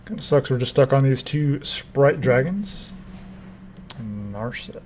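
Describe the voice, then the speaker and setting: Man, mid-pitched voice, relaxed game commentator with dry, wry asides. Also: a little slow, a little hiss or hum. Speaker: gameplay commentator. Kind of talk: casual gameplay commentary.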